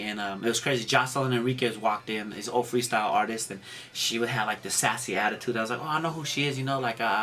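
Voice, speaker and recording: A man's voice: medium pitch, bright, forceful tone. A man, a radio DJ, telling stories in a casual interview with laid-back street slang.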